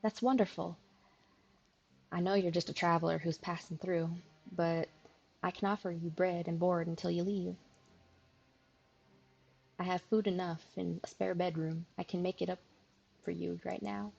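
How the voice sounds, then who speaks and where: Streamer lady doing a shy lonely gravedigger girl, eager to please, gravelly and husky, dull lo-fi sound. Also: fairly low pitch, steady tone, moderate pace, pauses often, darkish tone.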